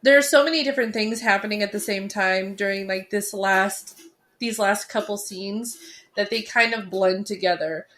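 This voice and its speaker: Excitable woman cohost rambling about a movie, quick to laugh. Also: mid-range voice. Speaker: podcast co-host. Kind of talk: casual chat about a film.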